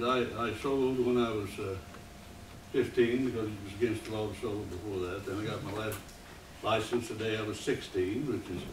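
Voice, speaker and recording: A man in his eighties, from the United States, giving a rambling, halting public comment at a meeting. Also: mid-range voice. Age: 80s. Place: meeting room. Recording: echoey room, distant mic, noisy.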